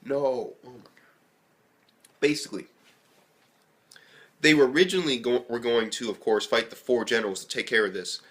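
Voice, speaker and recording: A young man talks through his review in an excitable, rambling way. He swears constantly and leans on fillers. His voice sits at an ordinary middle pitch for a man. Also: moderate pace, pauses often. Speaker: anime reviewer. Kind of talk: casual video review.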